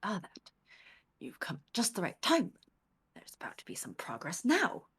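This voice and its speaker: A woman voicing a brisk, cheerful male detective with an attempted British accent and a whispery, breathy delivery. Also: fairly low pitch, huge pitch swings, fairly bright tone, voice pushed up, exaggerated voice. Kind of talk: reading game dialogue aloud.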